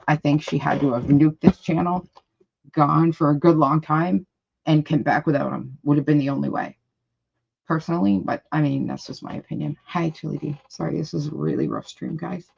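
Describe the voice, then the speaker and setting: A woman's voice: deep voice, lively intonation, moderate pace, gravelly, a little mellow, husky, highs cut off. A woman hosting a live reaction stream, reading comments aloud and reacting in a blunt, indignant way with plenty of swearing. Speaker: livestream reaction host.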